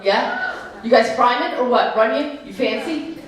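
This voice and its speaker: A woman's voice: a little high, a little slow, background noise. A woman, doing brash, self-mocking live stand-up comedy. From New York. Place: comedy club stage. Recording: echoey live room, mic at a distance. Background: audience laughter.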